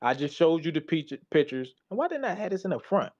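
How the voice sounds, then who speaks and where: A man's voice: fairly high pitch, sing-song, fast talker, a little mellow. Man, tired, casual slide presentation, slangy, talks back to what he reads, muffled lo-fi audio.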